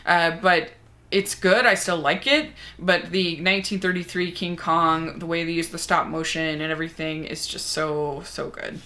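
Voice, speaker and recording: Bright-voiced chatty young woman. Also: lowish voice, fairly even intonation, moderate pace. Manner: chatty and enthusiastic. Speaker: movie reviewer. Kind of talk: casual chat answering a movie tag.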